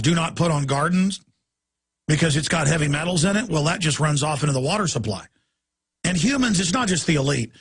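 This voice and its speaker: A man's voice: on the high side, creaky, fairly bright tone, slightly rough. A man hosting a talk radio show, ranting emphatically in a long monologue. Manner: ranting, emphatic, rapid-fire asides.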